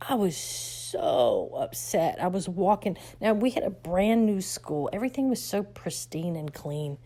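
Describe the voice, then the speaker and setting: A woman from Texas tells her life story in a chatty, animated way, laughing along the way. Her voice sits low and mellow, with a warm, relaxed tone. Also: measured pace. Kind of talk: casual storytelling vlog.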